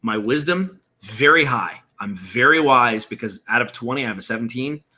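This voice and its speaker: A man's voice: mid-range voice, lively intonation, moderate pace, bright, forceful tone. A man in his thirties hosting a live-streamed tutorial, casually explaining tabletop game rules and answering chat.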